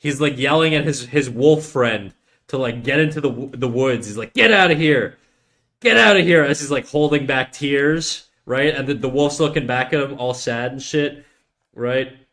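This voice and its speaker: A man's voice: mid-range voice, fairly even intonation, moderate pace. Rambling man chatting while drawing. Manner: rambling, self-interrupting, jokey. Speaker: streamer giving drawing tips. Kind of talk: casual livestream chat while drawing.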